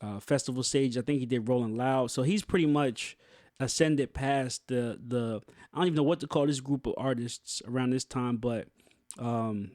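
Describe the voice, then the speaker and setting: A man's voice: mid-range voice, moderate pace, darkish tone, no echo, clean studio sound. A man hosting a podcast in casual chat, laid-back and slangy, with many fillers and restarts. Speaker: podcast host.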